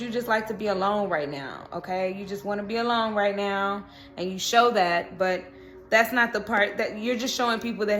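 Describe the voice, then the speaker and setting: A woman's voice: mid-range voice, a bit bright. A woman reading tarot cards in a casual chat, who keeps checking in with "okay?" and "you know". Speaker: tarot reader.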